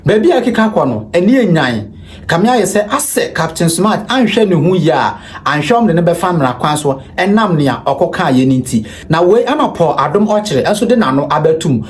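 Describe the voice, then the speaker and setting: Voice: mid-range voice, big pitch swings, moderate pace. A channel host from Ghana giving a spoken recap of the news in an explanatory, storytelling way.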